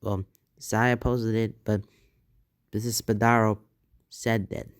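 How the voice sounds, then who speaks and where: Smooth-voiced man reading and reacting. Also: lowish voice, little pitch movement, slow, no echo, studio quality. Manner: reads posts in an earnest tone, then reacts loosely with restarts. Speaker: channel host reading and reacting to online posts. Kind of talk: reading posts aloud with casual commentary.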